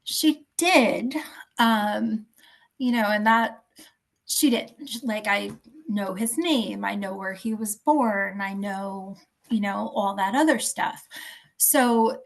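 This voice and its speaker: A woman in her fifties, a podcast guest telling a personal story in a halting, soft voice that searches for words. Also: mid-range voice, creaky. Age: 50s.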